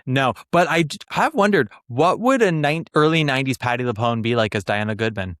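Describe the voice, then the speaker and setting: A man's voice: medium pitch, brisk, fairly bright tone, no echo, studio quality. Campy, teasing male podcast host. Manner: campy, teasing, bawdy jokes. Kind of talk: casual chat about musicals.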